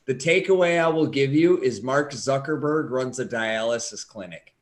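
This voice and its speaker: Excitable teasing man chatting. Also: mid-range voice, moderate pace. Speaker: podcast co-host. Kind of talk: casual chat.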